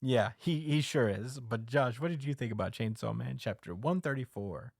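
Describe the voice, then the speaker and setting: A man's voice: mid-range voice, normal speed, gravelly, darkish tone, dry recording, studio quality. A young man hosting a podcast, casually recapping a comic in a laid-back, slangy way with frequent laughs. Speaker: podcast host.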